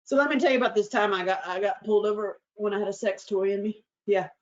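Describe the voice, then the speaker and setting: A middle-aged woman hosts her own show and tells a story in a loose, candid monologue, speaking quickly in a mid-range voice with fairly even intonation. She's frank and swears freely, laughs often and acts out what people said. The recording sounds a bit dull and lo-fi.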